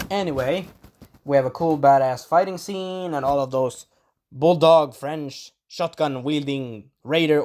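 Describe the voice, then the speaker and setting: A lively, sing-song voice that swoops up and down as it rambles through a casual episode review. The speaker grew up in Sweden, is not speaking their first language, and keeps clearing a scratchy throat. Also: medium pitch. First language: Swedish. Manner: rambling, enthusiastic, acts out quotes in little voices. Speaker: video reviewer. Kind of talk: casual spoiler review monologue.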